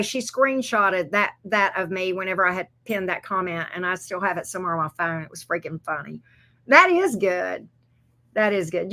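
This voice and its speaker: Reading tarot live, this woman keeps things chatty and playful, cursing, laughing, and talking to both chat and her pets. Her voice is medium in pitch with a sharp edge.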